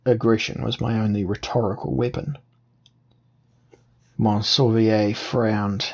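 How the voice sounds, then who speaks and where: Slow gravelly male narrator. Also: lowish voice, flat delivery, darkish tone. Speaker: audiobook narrator. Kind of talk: scripted narration.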